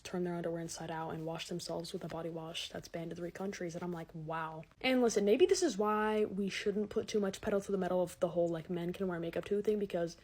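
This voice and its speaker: A woman's voice: lowish voice, steady tone, fast talker, hardly any pauses, a little mellow, slightly rough. A teenage girl ranting sarcastically and dramatically to camera in a comedic monologue. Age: teens. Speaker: comedic creator.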